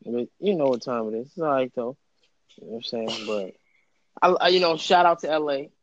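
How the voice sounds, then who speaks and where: A man's voice: medium pitch, lively intonation, brisk, no echo, lo-fi sound. A man from Brooklyn with a New York accent, talking emphatically in casual chat and repeating himself for stress.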